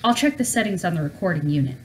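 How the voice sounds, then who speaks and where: A woman reading aloud as a patient father who is an engineer, explaining things calmly. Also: sits high, fast talker, distant mic, slight background noise.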